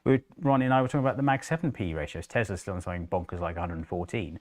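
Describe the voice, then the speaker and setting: A man with a low voice speaks at a racing pace while co-hosting a live market show. He is chatty and animated, acting out what investors say to themselves.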